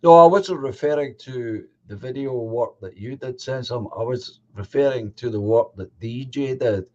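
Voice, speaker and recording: A man's voice: medium pitch, moderate pace. A man with a Scottish accent hosting a live stream, chatting easily and greeting viewers in the chat. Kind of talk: casual chat. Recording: dull lo-fi audio.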